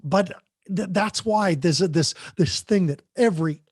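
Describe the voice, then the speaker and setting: A man's voice: high voice, measured pace, a little mellow, dry recording, studio quality. A man who works as a parent coach, talking animatedly as a podcast guest and often restarting his sentences.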